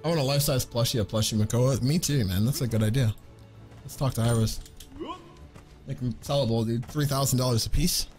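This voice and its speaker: A man streaming a game, giving loud, hyped, boastful commentary full of swearing. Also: medium pitch, fairly quick. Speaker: gaming streamer. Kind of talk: excited gameplay commentary. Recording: game music loud behind voice. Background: loud game music.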